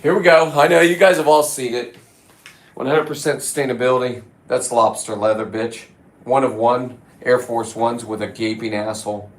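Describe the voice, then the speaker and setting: Speaking at a moderate pace with fairly even intonation, this middle-aged man vlogs in a medium-pitched voice. He is profane, boastful and rambling in a casual monologue, and the echoey room gives his crude talk a roomy echo.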